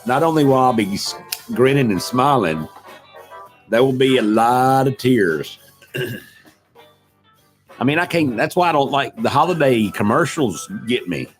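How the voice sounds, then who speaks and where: A man's voice: mid-range voice, lively intonation, measured pace, long pauses, faint music behind. Rambling middle-aged man chatting. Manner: rambling and self-deprecating, greets chat viewers. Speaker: live stream host. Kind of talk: casual live-stream chat. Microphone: desk microphone.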